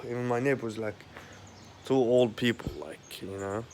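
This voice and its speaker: A man in a rambling monologue at home, agitated and profane, halting often with fillers. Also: medium pitch, fairly even intonation, a little mellow, slight background noise. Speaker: vlogger. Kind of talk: rambling direct-to-camera monologue. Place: at home, indoors.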